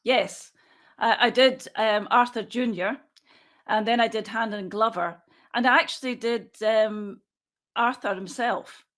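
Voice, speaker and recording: A woman in her sixties, a forensic pathologist, answering interview questions in a measured, matter-of-fact way as she thinks aloud. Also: a little high, fairly bright tone.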